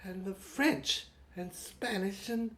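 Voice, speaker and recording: Slow, dreamy woman narrating a story. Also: medium pitch. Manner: dreamy, wandering, halting delivery. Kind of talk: first-person audio novel reading.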